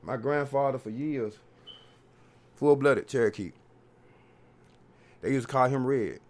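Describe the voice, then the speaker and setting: A man's voice: medium pitch, a little slow, darkish tone. A man hosting a podcast, rambling through a casual, profane, preachy monologue full of repeated filler phrases. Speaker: podcast host.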